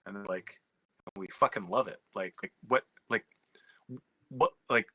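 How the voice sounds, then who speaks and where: A man with a bright, forceful voice tells a story in a fast, profane ramble, stopping and restarting his sentences. The sound is dry and close, with no room echo. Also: fairly low pitch, husky. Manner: animated, profane, many restarts. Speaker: screenwriter and comic writer. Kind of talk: candid conversational storytelling.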